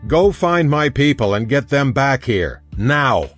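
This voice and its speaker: A man voicing a gruff, blunt male navy engineer officer who barks curt commands in an audiobook. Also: mid-range voice, sing-song, a little slow, soft background music, voice pushed up.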